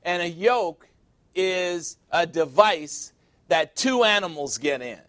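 A man's voice: sits high, lively intonation, slow, a bit bright. A man preaching a sermon in a conversational way, with jokes and emphatic asides.

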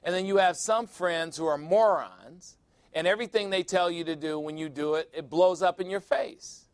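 Older man, pastor, sermon, blunt storyteller, slightly high voice, dry close sound. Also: normal speed, clear, resonant tone, no room sound. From Chicago. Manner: storytelling, blunt and wry, acts out quotes.

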